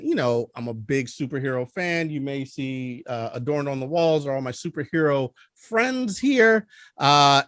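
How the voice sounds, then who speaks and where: A man's voice: on the high side, a bit bright, no echo, studio quality. A man with a Philadelphia accent hosting a casual movie chat show, chatty and laughing often. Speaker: host.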